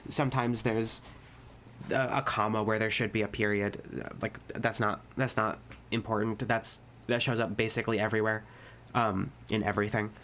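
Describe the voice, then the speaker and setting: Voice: medium pitch, steady tone, normal speed, fairly bright tone, slight background noise. A person reading a fan dating sim aloud and rambling casually between scenes, with frequent restarts. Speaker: game reader.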